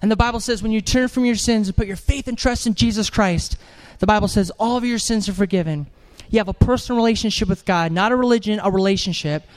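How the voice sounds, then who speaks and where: A man preaching an animated sermon in church, telling a story with jokes and acted-out voices. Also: sits high, fast talker, few pauses. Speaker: evangelist preacher.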